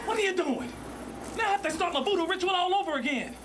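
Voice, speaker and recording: A voice actor playing a frantic voodoo priest villain in a cartoon, shrill and fast. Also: expressive, music in the background. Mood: exasperated. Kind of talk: cartoon voice acting.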